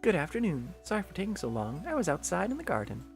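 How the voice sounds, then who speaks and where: A man doing a soft-spoken polite young woman. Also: sits high, wildly swooping pitch, quick pace, gravelly, soft background music, pitched above the performer's own voice, exaggerated voice.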